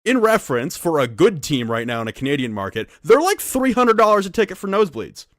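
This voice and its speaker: A man's voice: fairly high pitch, quick pace, no room sound, studio quality. A man co-hosting a podcast, ranting casually with lots of swearing. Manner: profane, animated ranting. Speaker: podcast co-host.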